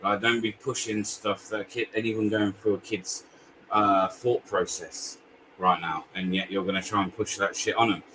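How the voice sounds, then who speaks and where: Blunt British man, low voice. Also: steady tone, moderate pace, pushed and bright, a little hiss or hum. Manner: blunt, swears, says "mate". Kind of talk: heated casual debate.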